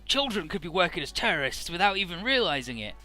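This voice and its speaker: A man's voice: high voice, very animated, quick pace, pushed and bright, faint music behind, pitched above the performer's own voice, heavily acted. A man voicing a stiff, paranoid teenage boy soldier who talks in an earnest, matter-of-fact military tone.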